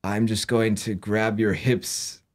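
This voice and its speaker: A syrupy, soft-voiced female yoga teacher, as a man puts her on. She is breathy and soothing, pitched a little higher and gentler than his usual low voice. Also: flat delivery, slow pace.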